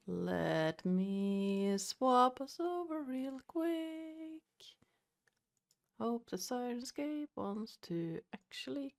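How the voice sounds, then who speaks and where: A woman with a higher, bright voice runs a tabletop game as game master. Her pitch moves a lot as she talks, and she sounds upbeat and easygoing, with faint music in the background. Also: vocal fry.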